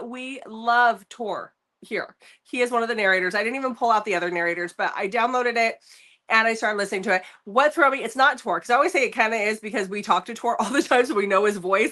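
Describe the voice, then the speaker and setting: Bright-voiced woman chatting about books. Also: a little high. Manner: animated, rambling, laughs often. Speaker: book review co-host. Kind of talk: casual chat.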